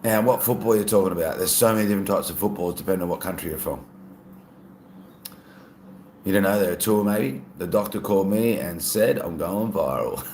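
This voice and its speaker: A man's voice: lowish voice, a little fast, pauses often, echoey room, a little hiss or hum. Australian man chatting on a morning stream. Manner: relaxed, chatty, laughs often. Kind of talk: casual live-stream chat reading comments.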